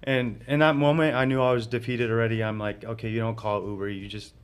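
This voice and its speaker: A man's voice: medium pitch, flat delivery, quick pace, clear, resonant tone. A man guest telling his story in casual conversation, laughing often and filling with "like". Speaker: interview guest.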